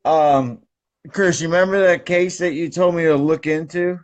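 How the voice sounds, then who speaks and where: A man's voice: a little high, steady tone, moderate pace. A man co-hosting a casual chat who laughs a lot and reacts between stories, a bit tipsy. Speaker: co-host.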